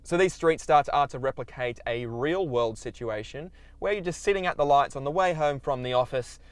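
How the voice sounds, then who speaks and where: A young Australian car reviewer and host commentates on car tests from inside a car on a track, upbeat and chatty as he directs the runs. His mid-range voice is clean in tone, at normal speed, in a dry recording.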